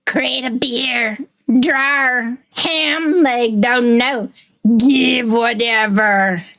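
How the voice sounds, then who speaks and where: A woman voicing an odd female visitor who speaks in slow, broken phrases. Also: fairly high pitch, full character voice. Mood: flat. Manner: slow, broken English, curt and flat. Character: strange woman claiming to dance ballet.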